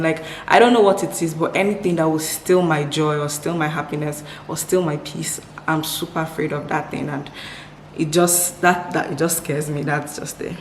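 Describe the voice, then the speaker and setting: Young Nigerian-born woman, low voice, upbeat Q&A vlogger, roomy echo. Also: slight background noise. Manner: upbeat, repeats words for emphasis, laughs often. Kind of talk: casual Q&A chat to camera. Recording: echoey room with faint ambience.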